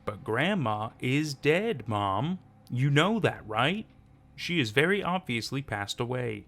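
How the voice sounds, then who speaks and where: A distraught young woman in a storybook horror tale, pleading and insistent, as a male narrator reads her lines. The voice sits at an ordinary middle pitch with a gravelly, creaky edge. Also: sing-song, slow, a bit bright, heavily acted. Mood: tense. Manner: pleading, shaken.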